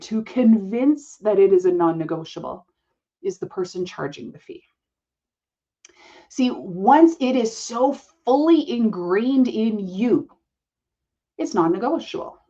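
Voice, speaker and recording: A woman's voice: a little high, a little mellow, lo-fi sound. A woman hosting a business-coaching podcast, speaking directly and matter-of-factly to the listener. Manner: direct, matter-of-fact, talks to the listener as "you".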